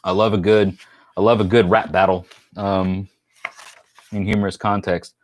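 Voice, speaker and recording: A man's voice: sits low, little pitch movement, moderate pace. A man from New York hosting a casual live stream, joking and rambling as he reads viewer comments aloud.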